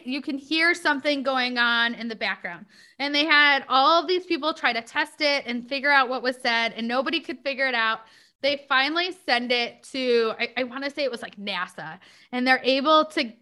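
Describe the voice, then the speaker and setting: A woman with a high, bright voice hosts a podcast in loose, casual chat. Her talk is full of "like" and "you know" as she works through her thoughts. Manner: chatty, many fillers like "like" and "you know". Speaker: podcast host.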